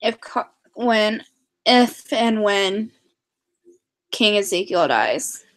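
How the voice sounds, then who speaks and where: A young woman vlogging casually to camera, rambling and excitable, with many fillers and restarts. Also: medium pitch, extremely slow.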